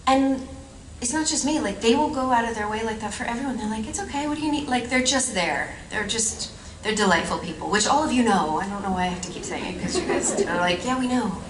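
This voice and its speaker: A woman's voice: medium pitch, fairly quick, few pauses, background noise. A woman, a guest actress on a convention panel, telling stories in a rambling, chatty way with frequent laughs and fillers. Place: large convention hall. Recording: echoey hall, mic at a distance.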